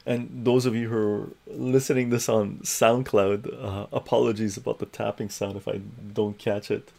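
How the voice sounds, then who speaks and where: A man's voice: on the low side, normal speed, gravelly. A Canadian man hosting a livestream, telling a story in casual chat on a lapel mic, laughing often and tagging lines with "right?". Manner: animated anecdote-telling, laughs often, tag questions. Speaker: livestream host.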